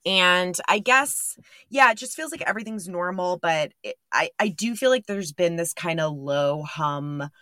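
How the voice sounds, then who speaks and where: A woman's voice: on the low side, lively intonation, a little slow, sharp tone, no room sound. A young woman hosting a podcast, talking in a rambling, candid, profane and self-deprecating way. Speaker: podcast host. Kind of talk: casual monologue and interview.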